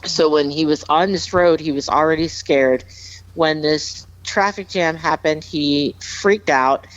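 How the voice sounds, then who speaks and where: A woman's voice: low-pitched, unhurried, muffled recording. A woman guest on a podcast, earnestly telling a personal story with emphatic repeats. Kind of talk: heartfelt storytelling, casual chat.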